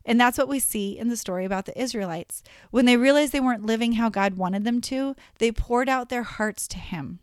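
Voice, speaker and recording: A young woman telling a Bible story to children, friendly and animated, with chatty asides. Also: fairly high pitch, brisk, hardly any pauses, clear, resonant tone, dry recording, studio quality. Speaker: children's Bible lesson teacher. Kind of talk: Bible story lesson for kids.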